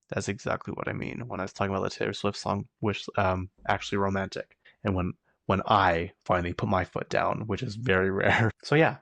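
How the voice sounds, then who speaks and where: A man hosting his own podcast, talking casually in a chatty, animated way and laughing often. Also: lowish voice, dry recording. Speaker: podcast host. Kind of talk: casual solo chat.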